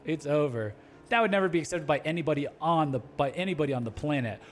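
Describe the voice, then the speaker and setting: A man's voice: a little high, expressive, fast talker. A man streaming a game and chatting casually, rambling and joking in a mock-blustering way, with many restarts. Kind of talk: casual live-stream commentary.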